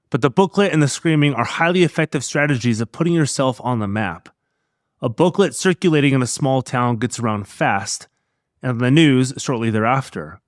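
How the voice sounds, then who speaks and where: A man host narrating a scripted podcast episode in a measured, pointed way. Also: medium pitch, dry recording, clean studio sound.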